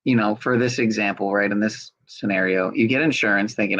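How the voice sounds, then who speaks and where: A man's voice: on the low side, fairly even intonation, a little fast, hardly any pauses, a bit bright, dull audio. A man hosting a livestream, rambling in a profane, sarcastic way. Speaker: livestream host.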